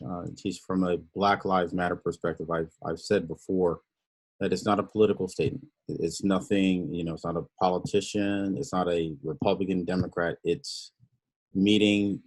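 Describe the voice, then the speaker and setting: A man, a pastor, speaking earnestly on a panel, measured, with many fillers and repeated words. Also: low voice, a little mellow, no room sound. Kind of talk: panel discussion remarks.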